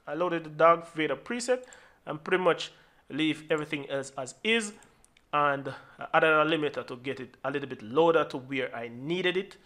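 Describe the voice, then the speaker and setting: Bright-voiced man walking through a mix. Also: fairly high pitch, unhurried. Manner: relaxed explaining with frequent restarts and repeated words. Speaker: music producer teaching mixing. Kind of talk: screen-recorded tutorial walkthrough.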